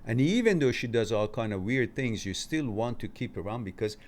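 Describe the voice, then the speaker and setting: Speaking fairly quickly and with animation, this man hosts a live stream, reading out chat comments from viewers and replying casually with frequent laughter. His mid-range voice has a darkish tone.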